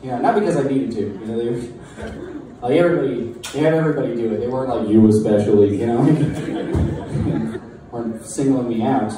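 Young man, stand-up comic, halting and rambling delivery, very echoey room, distant mic, bar noise behind. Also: mid-range voice. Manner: rambling, halting, self-deprecating. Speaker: stand-up comedian. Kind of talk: stand-up set. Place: bar taproom stage.

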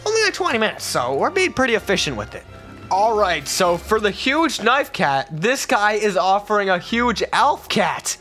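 A young man commenting on his gaming live, rambling and joking with sudden excited squeals. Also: sits high, measured pace, soft background music. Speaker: gaming YouTuber.

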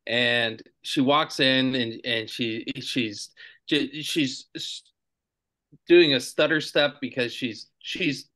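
A man in his sixties co-hosting a casual chat, telling anecdotes and acting out the lines of the people in them. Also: mid-range voice. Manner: animated anecdote-teller, acts out quotes. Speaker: podcast co-host.

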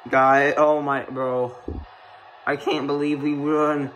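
A young man reacting live as a sports fan, stammering and repeating himself, saying he can't even talk. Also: on the high side, slow, slight background noise. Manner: breathless, stammering, repeats "bro" and "oh my gosh".

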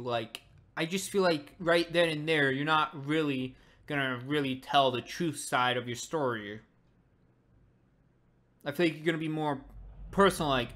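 Casual reviewer voice, middling pitch, thinks aloud with loose rambling phrasing. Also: normal speed, a bit bright. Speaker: game reviewer. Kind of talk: casual reaction commentary.

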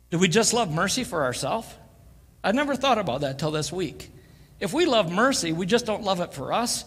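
An older man, preaching as a guest, gives a folksy, joking sermon and acts out the voices he quotes. His voice is high-pitched, sing-song and brisk, slightly rough. It comes from a church sanctuary live stream with long reverb.

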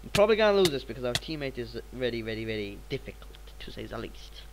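A teenage boy, sounding a little sick, narrating his gameplay in a rambling, excitable way with sudden bursts of repeated exclamations. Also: mid-range voice, fast talker, slight background noise, poor audio. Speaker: gaming channel host. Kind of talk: gameplay commentary.

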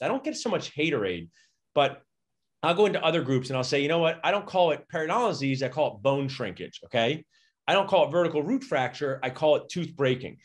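A middle-aged man, a dentist, telling stories energetically and acting out quotes in a conversational interview. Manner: energetic, acts out quotes with big pitch jumps. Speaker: dentist and podcast guest. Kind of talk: animated storytelling conversation.

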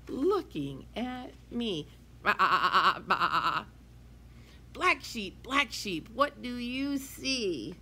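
Reading a picture book to young children, a preschool teacher with a highish voice uses an animated sing-song style broken by quiet whispered asides. A little hiss or hum can be heard.

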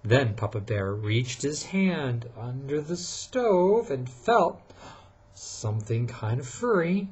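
Husky father reading a bedtime story. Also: medium pitch, slow pace. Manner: soft, lively storytelling that asks the child questions.

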